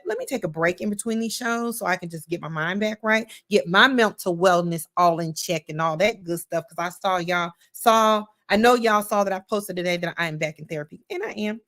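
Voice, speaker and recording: A woman's voice: mid-range voice, a bit bright. A woman hosting a casual livestream talk show, chatty and folksy, often repeating herself and speaking straight to her audience. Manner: playful, addresses audience as y'all. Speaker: podcast host.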